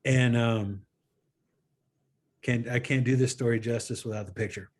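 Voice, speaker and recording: A man's voice: medium pitch, fairly even intonation, a little slow, darkish tone. A man telling a personal story in a casual interview, acting out a friend's lines with quoted dialogue in an earnest way. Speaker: guest filmmaker.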